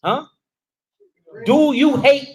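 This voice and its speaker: High-voiced man preaching, calling out questions. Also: very slow, a crowd in the background, poor audio. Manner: calls out questions and answers to the room; informal dialect speech. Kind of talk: sermon teaching.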